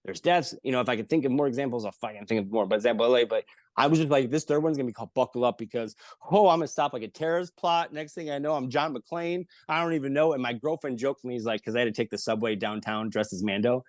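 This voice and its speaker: A man telling stories in casual chat, lively and profane, acting out the people he quotes. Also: medium pitch, quick pace, dry recording. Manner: animated, swearing, acts out quotes in voices. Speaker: podcast guest. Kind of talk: casual storytelling.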